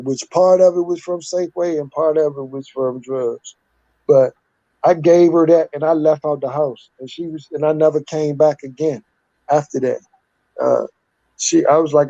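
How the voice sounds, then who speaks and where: A man's voice: on the high side, fairly even intonation, normal speed, mellow, no echo, muffled recording. A man in his fifties, a guest telling his life story candidly in a rambling, casual way. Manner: candid, rambling, street-talking with repeated "like".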